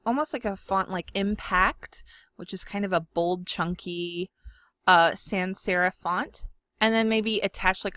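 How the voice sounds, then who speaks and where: A woman's voice: mid-range voice, fairly bright tone, no echo. Chatty woman, dry close sound. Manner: chatty, self-deprecating, giggly. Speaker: scrapbooking video host. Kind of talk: casual chat while demonstrating software. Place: home room.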